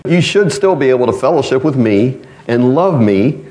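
A man with a northern US accent preaching a sermon. His voice sits at a middle pitch, and he talks in a folksy, conversational way, dropping in asides to the congregation. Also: lively intonation, normal speed, a little mellow.

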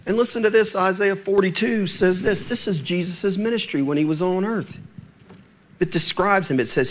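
A man preaching a sermon, asking the congregation rhetorical questions and slowing down to read scripture aloud. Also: high voice. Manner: animated, asks rhetorical questions, slows for scripture.

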